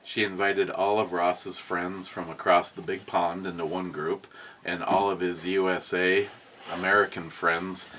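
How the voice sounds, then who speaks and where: A man's voice: low voice, measured pace, a little hiss or hum. A man hosting a beer review show, chatting casually, rambling and swearing as he tells stories. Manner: rambling, profane, animated storytelling. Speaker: beer review podcast host. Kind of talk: casual chat.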